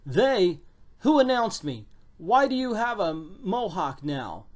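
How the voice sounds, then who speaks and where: Man doing a pushy surfer-accented superhero girl, high and lively, comic review. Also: slow pace, heavily acted. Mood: brash. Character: brash young superhero woman, surfer-talking.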